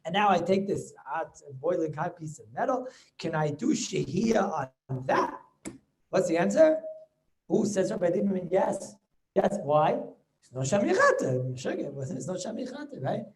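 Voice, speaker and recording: A man teaching a Talmud class over a video call, animated and full of rhetorical questions, mixing Yiddish and Hebrew terms into his talk. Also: high voice, moderate pace. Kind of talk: lively Torah lesson over video call.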